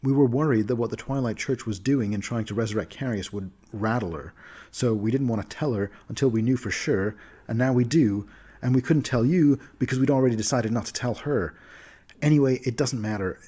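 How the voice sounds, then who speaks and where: A man's voice: medium pitch, brisk, mellow, husky, lightly acted. A man voicing an earnest noble diplomat.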